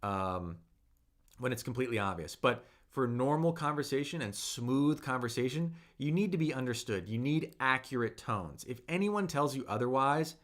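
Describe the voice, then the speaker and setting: A man's voice: medium pitch, a bit bright. A young man hosting a casual live-stream language lesson, upbeat and encouraging, with many fillers and "right?" tags.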